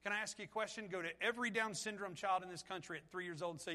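A male pastor preaching with a high, bright voice. He asks rhetorical questions and pleads with his listeners, building to intense appeals. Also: quick pace, hardly any pauses. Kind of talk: sermon.

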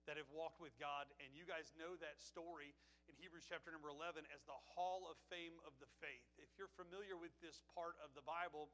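A man's voice: a little high, fairly even intonation, a little fast, a bit bright, rough recording. A male pastor, preaching a sermon and telling folksy, heartfelt family stories. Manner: folksy storytelling, emotional about family.

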